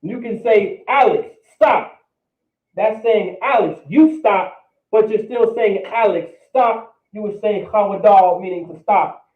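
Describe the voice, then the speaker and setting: High-voiced man teaching in a roomy hall. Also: a little slow. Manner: repetitive, checks in with "all right?". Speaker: language teacher. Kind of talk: classroom language lesson. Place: classroom or meeting room. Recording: roomy, distant, phone-like sound.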